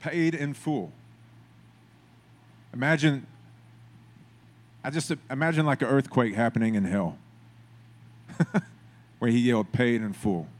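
A man's voice: mid-range voice, slow, long pauses. A man preaching a sermon in a conversational way, building to emphatic, repeated phrases. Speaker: pastor.

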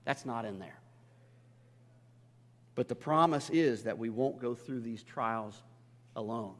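A man's voice: medium pitch, slow. Man preaching in a reverberant hall. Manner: conversational, swells to emphatic peaks. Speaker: pastor. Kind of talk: sermon. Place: church sanctuary.

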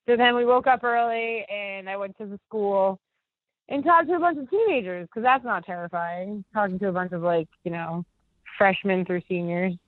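A woman's voice: mid-range voice, normal speed, no room sound. Young woman rambling thru a story on a phone call, tons of "like", sounds thin and phone-y, totally dry. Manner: chatty, rambling, filler-heavy with many "like"s. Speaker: interview guest. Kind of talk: casual storytelling on a phone interview. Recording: tinny dry phone line.

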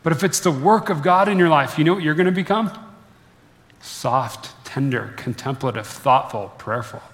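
A man preaching a sermon with a bright, forceful voice. He is earnest and reflective, easing softly onto key words, and his voice carries a long echo from the hall. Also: fairly high pitch, lively intonation, normal speed. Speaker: pastor.

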